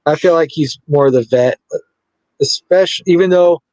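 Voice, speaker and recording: A man's voice: a little high, moderate pace, darkish tone, dry recording, poor audio. A man co-hosting a podcast, chatting casually and playfully, sometimes stumbling over names. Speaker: podcast co-host. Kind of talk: casual sports chat.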